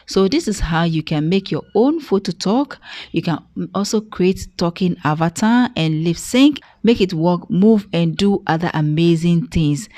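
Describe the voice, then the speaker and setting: A woman hosting a software tutorial, explaining each step in an instructive way. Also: low voice, no room sound. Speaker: tutorial host. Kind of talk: screen-recorded software tutorial.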